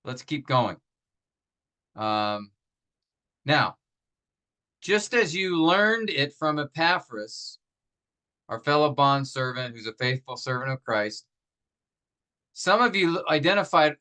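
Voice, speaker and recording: Slightly high and expressive, this man's voice carries a sharp tone on poor audio. He teaches grammar patiently and stepwise, asking rhetorical questions along the way, and his delivery is riddled with fillers and restarts, with deliberate slowing on example phrases.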